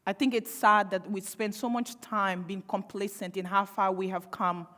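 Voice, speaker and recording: A young woman delivers a public speech in an impassioned, pointed way. She leans on rhetorical questions and dry sarcasm. Her medium-pitched voice carries long reverb from a large hall. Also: level tone, normal speed, bright, forceful tone. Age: young adult. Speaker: panel speaker.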